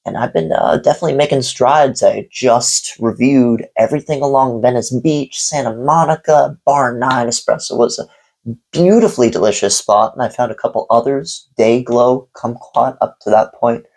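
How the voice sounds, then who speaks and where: A man's voice: medium pitch, moderate pace, gravelly, darkish tone, low-quality recording. A man telling a story on a coffee vlog, candid and rambling, swearing freely. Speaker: coffee reviewer vlogger.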